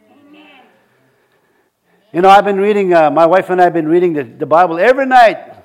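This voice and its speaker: High-voiced man preaching a sermon. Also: brisk. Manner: conversational, repeats words, rising to emphatic.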